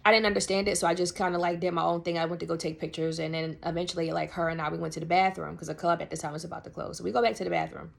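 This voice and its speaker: A young woman telling a personal story on her podcast, animated and slangy, full of fillers. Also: fairly low pitch, very fast, gravelly, few pauses. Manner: animated, slangy, many fillers, laughs often. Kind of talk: casual storytelling.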